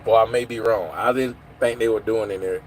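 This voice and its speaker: A man's voice: fairly low pitch, steady tone, a little fast, slight background noise. Chatty man on a phone livestream. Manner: rambling, chatty, answers chat comments. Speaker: livestream host. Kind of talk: casual live chat with viewers.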